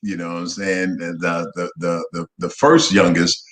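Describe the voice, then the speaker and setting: A man's voice: deep voice, flat delivery, moderate pace, a bit bright. A man co-hosting a casual talk show, playful and rambling, with many restarts. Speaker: co-host. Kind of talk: casual chat.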